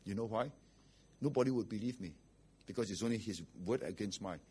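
A man's voice: lowish voice, brisk, mellow, husky. A man preaching a sermon as pastor, blunt and rhetorical, often asking "okay?" and "right?".

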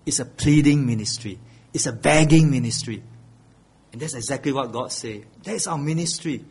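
Husky middle-aged guy preaching, pleading and earnest, repeats himself for emphasis. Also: mid-range voice, moderate pace, darkish tone. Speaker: pastor. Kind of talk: sermon.

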